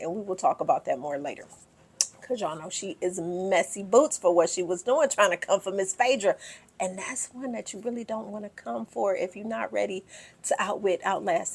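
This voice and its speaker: Sassy lady doing a tv recap, kinda low voice, chatting right at her viewers. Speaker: recap host. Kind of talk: casual reality TV recap.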